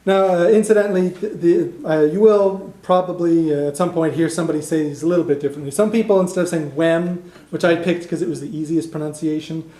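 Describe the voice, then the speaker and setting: A man's voice: fairly high pitch, fairly even intonation, quick pace, hardly any pauses, warm tone. A man teaching a beginner language class, explaining patiently with fillers and restarts. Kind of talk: classroom lesson. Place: classroom in a cultural center. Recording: echoey classroom recording.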